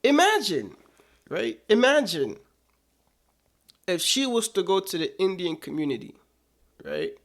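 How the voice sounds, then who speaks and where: Male commentator, higher pitch, casual and indignant, rhetorical questions. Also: huge pitch swings, a little slow, creaky, long pauses, a bit bright. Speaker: political commentator.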